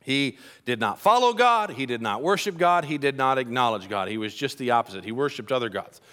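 A man preaching a sermon as a pastor, telling the story in an animated, joking way and talking directly to the congregation. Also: mid-range voice, fairly quick.

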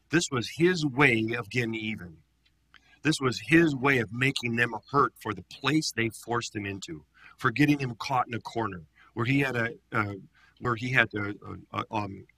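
Man, pastor teaching a Bible study, gravelly, husky, animated, rhetorical questions. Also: medium pitch, dry recording.

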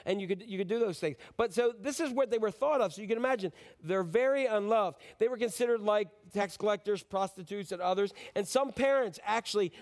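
A male pastor giving a Christmas sermon in a church, talking conversationally and joking with the congregation, often asking them questions. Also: sits high.

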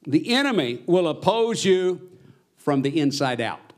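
A man's voice: a little high, sing-song, unhurried. A man preaching a sermon as pastor, earnest, his voice swelling on his exhortations.

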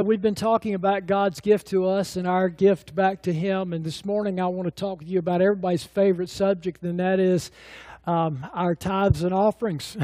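A man's voice: sits high, mellow, dry recording. A middle-aged man preaching a sermon as pastor, telling stories in a folksy way with many fillers and restarts.

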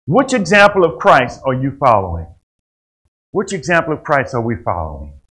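A man preaching a sermon, rising to loud emphatic passages and dropping to quiet asides. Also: mid-range voice, big pitch swings, normal speed, slightly rough, poor audio.

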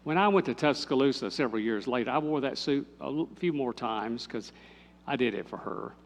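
An older man, a pastor telling a story in a sermon, moving from lively telling to hushed, intimate speech. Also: medium pitch, brisk, slight background noise.

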